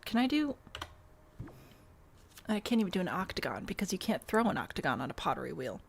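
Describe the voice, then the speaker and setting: A woman's voice: fairly low pitch, very animated, a little fast, creaky, slight background noise. A woman streamer chatting casually while she builds in a game, wry and self-deprecating, answering chat and hiccuping now and then. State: has the hiccups.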